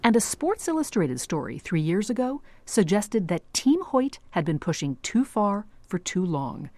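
A woman radio reporter narrating a scripted story in a measured, clear storytelling manner. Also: medium pitch, very animated, mellow, no echo.

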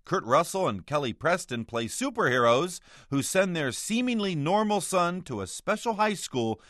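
A man's voice: a little high, normal speed, dry recording, studio quality. A man delivering a scripted, sarcastic movie-review roundup on the radio. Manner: wry, sarcastic, expressive. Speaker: film critic roundup writer. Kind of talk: scripted comic radio commentary.

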